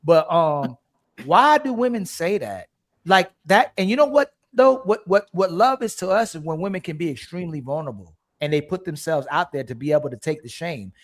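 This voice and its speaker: High-voiced man preaching in a podcast debate. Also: a little fast. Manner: preachy, animated, repeats himself. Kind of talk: heated casual podcast debate.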